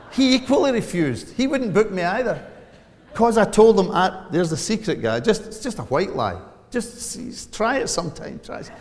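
A Scottish man in his forties preaching a sermon, telling a story with big swings in pitch and loudness. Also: sing-song, measured pace, long reverb tail. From Scotland. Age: 40s. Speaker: pastor. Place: church.

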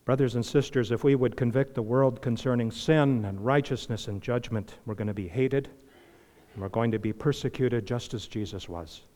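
A man preaching a sermon as pastor, impassioned, swinging between loud emphasis and hushed earnestness. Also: mid-range voice, moderate pace. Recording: long reverb of a large hall.

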